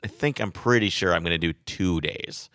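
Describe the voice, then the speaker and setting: A man co-hosting a casual podcast, talking in a relaxed, agreeable way as he plans the next event. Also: low-pitched, normal speed, no room sound, studio quality. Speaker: podcast co-host and rally organizer. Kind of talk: casual chat.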